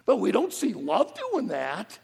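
A man preaching a sermon in a church auditorium, folksy and animated, pulling the congregation into call-and-response. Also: high voice, a little slow, creaky, slightly rough, long reverb tail.

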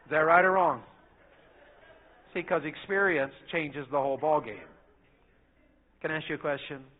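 A middle-aged man, preaching a sermon in a folksy storytelling way that swings between loud and soft. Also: on the high side, normal speed. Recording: phone-like narrow sound.

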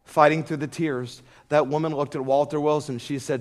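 A man's voice: on the high side, fairly even intonation, normal speed. A middle-aged man preaching a sermon, telling a folksy story and rising to fervent emphasis on prayer. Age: middle-aged or older.

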